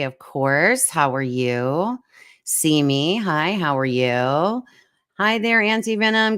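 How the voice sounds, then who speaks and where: A woman hosts a casual livestream over a video call, greeting viewers by name with plenty of fillers. Her voice is low, smooth and resonant, and it sometimes cuts in and out. The sound is dry and close. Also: fairly bright tone, no echo. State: voice cutting in and out. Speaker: livestream host.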